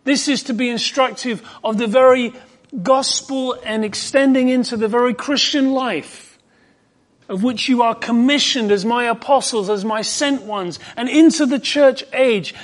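A man with a very high voice preaches an expository sermon, fervent and emphatic. He sinks to hushed tones, then rises to ringing emphasis.

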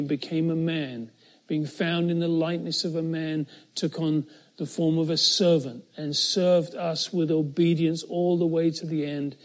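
This middle-aged preacher works through an expository sermon with earnest emphasis. Scripture quotations come out louder and higher, and he draws his pauses out.

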